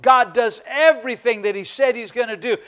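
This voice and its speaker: A man's voice: extremely high pitch, fairly quick, a bit bright. A man preaching a sermon as pastor, fervent and emphatic, repeating phrases for stress.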